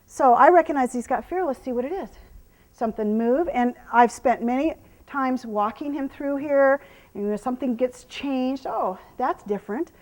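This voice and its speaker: A woman's voice: sits high, moderate pace. Soothing woman training a horse. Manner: soothing, praising the horse with soft murmurs. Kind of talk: hands-on training demonstration.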